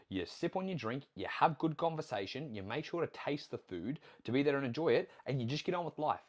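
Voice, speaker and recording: A man hosting a podcast as a nutrition coach, ranting bluntly and with heavy profanity in a casual, animated way. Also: mid-range voice, brisk, few pauses.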